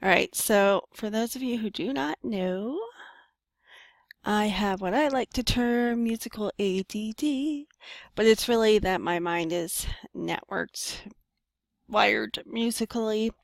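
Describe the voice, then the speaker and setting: A woman's voice: mid-range voice, slow, gravelly, no room sound. A woman business coach talking on her own show in a playful, rambling, self-deprecating way. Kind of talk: casual solo podcast monologue.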